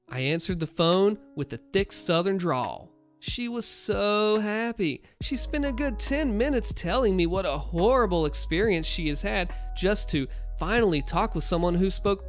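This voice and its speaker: A story narrator reading a first-person tale aloud with a wry, storytelling delivery. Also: medium pitch.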